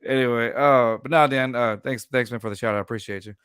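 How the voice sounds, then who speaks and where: A man's voice: medium pitch, quick pace, fairly bright tone, clear, resonant tone, dry recording, studio quality. A man hosting a casual sports podcast, rambling and restarting sentences, laughing often. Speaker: podcast host.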